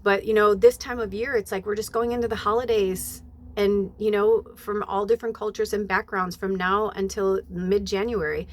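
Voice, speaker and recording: A woman giving a casual spiritual reading who rambles with many fillers and bursts into high acted-out quotes. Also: steady tone, moderate pace.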